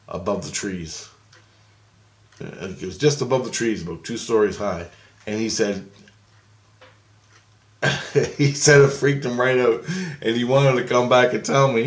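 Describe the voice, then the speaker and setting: A man telling a rambling, profane anecdote in a casual, repetitive way. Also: lowish voice. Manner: rambling, profane, repeats himself. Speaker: storyteller. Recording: roomy echo.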